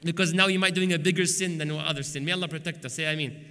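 A man preaching at a conference, telling lively stories and acting out the dialogues with humor. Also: a little high, rapid-fire, clear, resonant tone. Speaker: Islamic preacher. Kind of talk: conference lecture. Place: large conference hall. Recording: long hall reverb.

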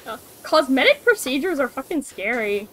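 A woman's voice: sits high, very animated, moderate pace, a bit bright, low-quality recording. A young woman streamer chatting casually and swearing freely while gaming. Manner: chatty, swearing, laughs often.

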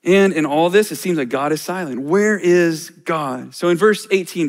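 A man's voice: fairly high pitch, normal speed, few pauses. A middle-aged man, a church elder, preaching a sermon in a conversational way with self-deprecating humor.

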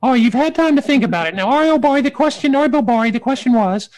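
High-voiced rambling comic man host. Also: animated, fast talker, few pauses, no room sound, rough recording. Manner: chatty, self-mocking, stumbling. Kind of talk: rambling comic talk-show hosting.

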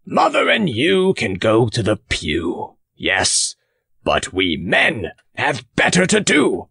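A male audiobook reader voicing a blustering, hearty farmer who lectures with loud emphasis. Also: mid-range voice, wildly swooping pitch, slow pace, vocal fry, husky, no room sound, studio quality, heavily acted. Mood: emphatic.

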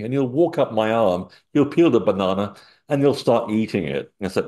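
Low-voiced man telling rambling anecdotes. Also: big pitch swings, a little fast, warm tone. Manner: rambling anecdotal storytelling with frequent fillers. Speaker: interview guest, author. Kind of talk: casual chat.

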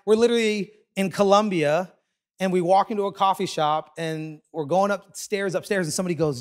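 A male pastor delivers a sermon, weaving in a personal story with lively, self-mocking humor. His voice sits a little high for a man, and he jumps quickly into playful asides. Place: large church auditorium.

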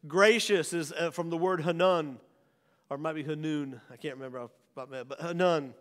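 A male pastor preaching a sermon, swinging from raised declarations to hushed near-whispers. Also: on the high side, a little fast. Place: church sanctuary. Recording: church hall reverb.

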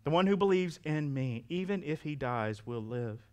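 Guy pastor preaching, reads the bible bits then talks it through real earnest, voice a bit on the high side. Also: expressive, normal speed, hardly any pauses. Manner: earnest, reads scripture then explains it conversationally. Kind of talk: sermon.

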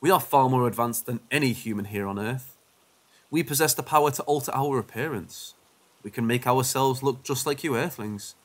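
Guy doing a formal calm alien ruler, slightly lower, kinda menacing. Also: natural voice. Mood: solemn. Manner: formal, measured.

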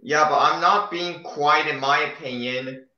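A young man chatting casually on a stream, sounding tired and halting, with many fillers. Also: fairly high pitch, pushed and bright. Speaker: stream co-host. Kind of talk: casual chat. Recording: lo-fi, echoey room.

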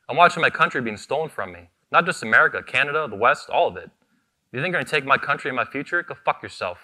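On stage at the convention he founded, a man gives a combative, profane keynote into a microphone, pounding short phrases over and over. His mid-range voice is sharp and animated, and he talks fast.

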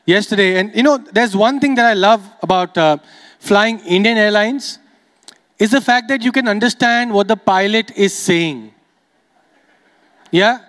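A man's voice: high-pitched, a little slow, a bit bright, long reverb tail. A man from the Emirates doing stand-up comedy on stage, chatty and teasing, working the crowd. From United Arab Emirates. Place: comedy stage before a live audience.

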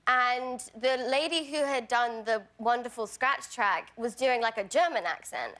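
A woman's voice: on the high side, animated, measured pace, a bit bright. Chatty young woman with a Bristol accent. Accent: English, Bristol. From England. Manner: chatty, giggly, filler-heavy. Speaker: guest actor. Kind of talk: talk show interview. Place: TV studio.

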